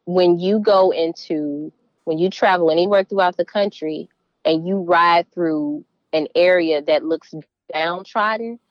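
A woman's voice: on the low side, a little slow, dry recording, lo-fi sound. Earnest Southern woman, middle-aged. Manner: earnest, emphatic, warm laughs. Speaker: guest. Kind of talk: casual interview.

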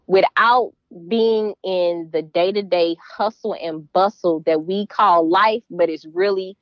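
A woman's voice: mid-range voice, no echo, lo-fi sound. A middle-aged woman with a Southern US accent, a guest in a casual interview, speaking earnestly and emphatically. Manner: earnest, emphatic, warm laughs.

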